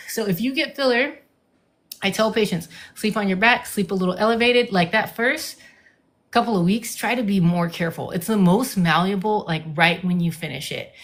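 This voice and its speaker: A woman cosmetic nurse practitioner in casual live-stream chat, emphatic and informal, saying "like" a lot. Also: mid-range voice. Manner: chatty, emphatic, says "like" and "dude" often. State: getting out of breath.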